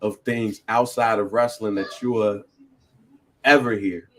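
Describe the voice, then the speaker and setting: A man, co-hosting a casual podcast, talking excitedly with frequent laughs and high, animated bursts. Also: unhurried. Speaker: podcast co-host.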